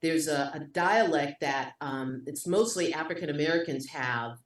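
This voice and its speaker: Guest actor, woman, New York accent, low voice, expressive storyteller, far from the mic in a reverberant room. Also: normal speed. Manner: lively, expressive, voice jumps up in animated moments. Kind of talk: conversational storytelling. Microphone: video call. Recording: echoey room, distant from mic.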